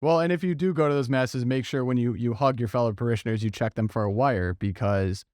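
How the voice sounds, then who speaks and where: A man's voice: mid-range voice, brisk, darkish tone, no room sound, clean studio sound. A man hosting a casual podcast, joking with his co-hosts and steering the talk with questions. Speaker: podcast host. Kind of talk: casual political chat.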